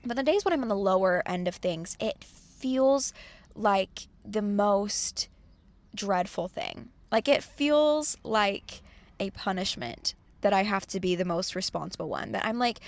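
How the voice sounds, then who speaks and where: A woman's voice: medium pitch, expressive, a little slow. A young woman in a casual, earnest motivational talk, acting out her own complaining thoughts. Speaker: host of self-help channel.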